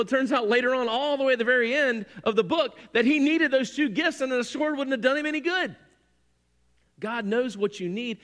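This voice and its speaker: Animated preacher man in an echoing church. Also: medium pitch. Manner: animated, self-deprecating, acts out quotes. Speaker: pastor. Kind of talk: sermon.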